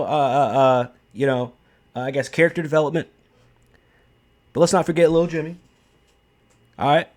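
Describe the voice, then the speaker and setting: A man's voice: on the high side, a little mellow. A young man giving casual, blunt opinion commentary, emphatic and profane, with frequent fillers and restarts. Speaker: wrestling commentary host.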